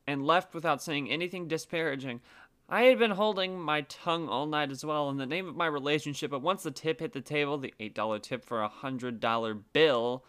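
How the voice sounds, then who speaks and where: A man's voice: a little high, a little fast, fairly bright tone, smooth. A man narrating a story casually, with wry, swearing asides.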